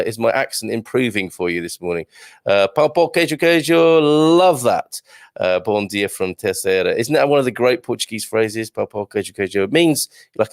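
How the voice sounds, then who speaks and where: A chatty man hosts a casual live stream from home, reading out viewer comments with self-deprecating humour. His voice has a gravelly, creaky edge, and the sound is dry and close. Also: lowish voice, no room sound. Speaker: livestream host. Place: home with builders working on the roof.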